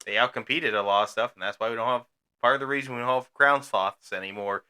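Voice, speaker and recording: Man, podcast co-host, very bright tone, smooth clear voice, rambling casual chat. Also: mid-range voice, fast talker. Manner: chatty, rambling, lots of fillers and restarts.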